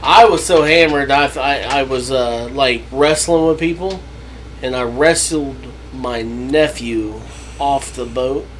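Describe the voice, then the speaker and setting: A man's voice: mid-range voice, takes it slowly, a little hiss or hum, low-quality recording. A man telling rambling stories on a casual podcast, laughing and swearing as he goes. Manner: rambling storyteller, swears, laughs at own jokes. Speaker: co-host.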